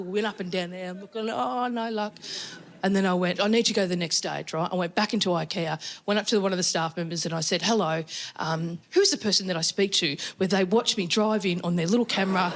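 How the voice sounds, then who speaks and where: Australian female stand-up, mid-pitched, wry and chatty, acts out the people in her story, faint noise under the mic. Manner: chatty, wry, animated storytelling with quoted voices. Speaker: stand-up comedian. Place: comedy venue before a laughing audience.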